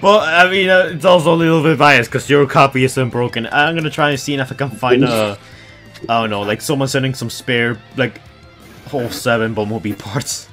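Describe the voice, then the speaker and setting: A man's voice: mid-range voice, brisk, a bit bright, faint music behind. A man hosting a casual chat over a call, joking and sarcastic with his friends. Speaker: channel host.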